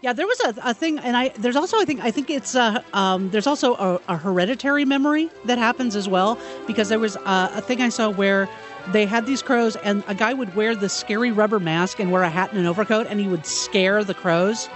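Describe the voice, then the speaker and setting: A man's voice: high-pitched, over music. Man reading quirky news on radio. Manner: halting, stumbling restarts in chat. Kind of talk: reading news items and casual banter.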